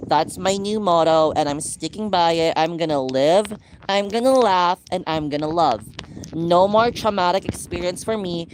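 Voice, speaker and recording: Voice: mid-range voice, lively intonation, a little slow. A streamer chatting casually and playfully while drawing live, often breaking off mid-sentence, over faint background noise. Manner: rambling, playful, self-interrupting.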